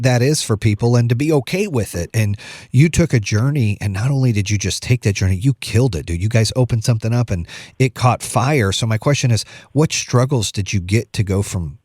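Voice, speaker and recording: A man's voice: lowish voice, darkish tone, dry recording, clean studio sound. A middle-aged man hosting an interview, enthusiastic and bro-ish, often saying "dude.". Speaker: podcast host. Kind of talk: casual interview chat.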